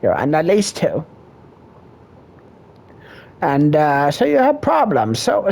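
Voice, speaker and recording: A man in a crude comedy bit, posing as a marriage counselor. He talks in a low drawl with a gravelly, fry-heavy texture, mock-serious and full of profanity. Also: wildly swooping pitch, takes it slowly, long pauses, darkish tone.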